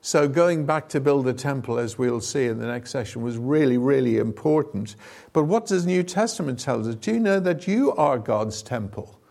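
A man's voice: mid-range voice, animated, moderate pace, gravelly, few pauses, darkish tone. A man leading an informal sermon and Bible teaching session, talking conversationally with asides and fillers. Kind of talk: informal sermon with audience participation.

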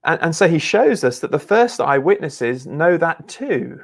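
A man's voice: a little high, big pitch swings, gravelly. A man preaching a sermon in an earnest, conversational way, often restarting his words. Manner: earnest, halting with repeated restarts.

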